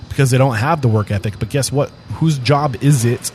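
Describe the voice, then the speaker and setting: A man's voice: medium pitch, fairly quick, a little mellow, a little hiss or hum. A man hosting a casual interview, earnest and probing, who swears casually. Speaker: podcast host.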